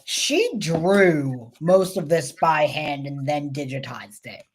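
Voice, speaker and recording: New York woman, show host, rambling and dry, lower register. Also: animated, slow, slightly rough. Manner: chatty, wry, rambling asides. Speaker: host tarot reader. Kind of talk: casual chat.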